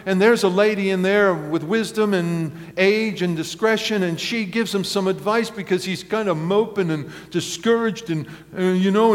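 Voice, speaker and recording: A man's voice: high-pitched, normal speed, few pauses. A male pastor preaching a sermon, telling stories animatedly with acted quotes and chuckles. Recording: long reverb of a large hall.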